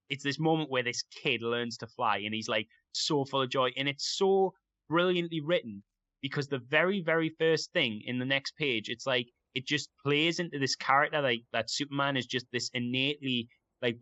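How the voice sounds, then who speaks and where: A man's voice: medium pitch, bright, forceful tone, dry recording, lo-fi sound. A young man chatting casually and enthusiastically, rambling with lots of fillers. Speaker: podcast guest. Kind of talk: casual chat.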